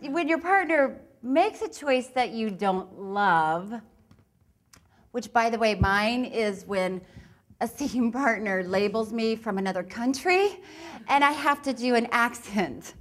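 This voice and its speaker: Woman, fairly high voice, chatty, quick laughs, live talk on improv. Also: expressive, a little hiss or hum. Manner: chatty, laughs often between points. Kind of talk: live talk with audience exercises.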